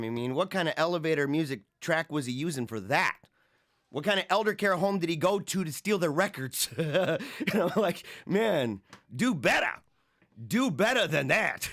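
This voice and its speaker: A man's voice: fairly high pitch, fairly bright tone. A man hosting a livestream show, chatting casually, rambling, mocking and laughing often as he reads viewer comments. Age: adult, married with young children.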